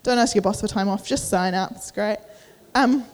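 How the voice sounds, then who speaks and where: Speaking in a mid-range voice at normal speed, a young woman preaches casually to a youth congregation in an echoey church hall. She chats along with plenty of fillers, voices inner thoughts, and is a little out of breath.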